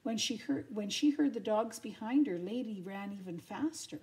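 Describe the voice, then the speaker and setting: An older grandmother reading a children's storybook aloud in a gentle, expressive way, adding little asides for her listeners. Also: medium pitch, moderate pace.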